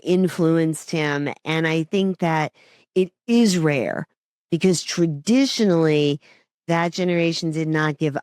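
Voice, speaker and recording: Low-voiced, enthusiastic woman co-host. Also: darkish tone, clear, resonant tone, dry recording, studio quality. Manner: enthusiastic and affirming, with quick agreements. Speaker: podcast co-host. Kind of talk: conversational podcast chat.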